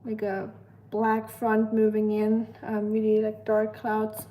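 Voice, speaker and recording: Slow-talking woman with German accent. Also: medium pitch, completely flat delivery, mellow, low-quality recording. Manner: chatty, greets viewers and answers chat, frequent fillers. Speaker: livestream host. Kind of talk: casual livestream chat.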